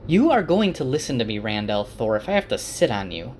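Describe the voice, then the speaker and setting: A man's voice: lowish voice, big pitch swings, fairly quick, slight background noise. A man voicing a stubborn, determined young woman in a raised voice.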